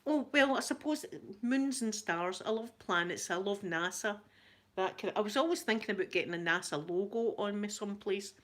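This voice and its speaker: Glaswegian lady rambling on a livestream, laughs lots, repeats stuff, mid pitch. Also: normal speed. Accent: Glaswegian Scottish. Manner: chatty, laughs often, repeats herself. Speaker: ASMR channel host answering live chat. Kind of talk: casual live-stream chat.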